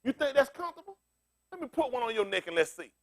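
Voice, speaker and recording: Male pastor, AAVE, very high voice, lively swooping delivery, loud street-preaching style. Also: fast talker. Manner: loud, animated street preaching, laughing asides. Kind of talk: loose preaching to a congregation.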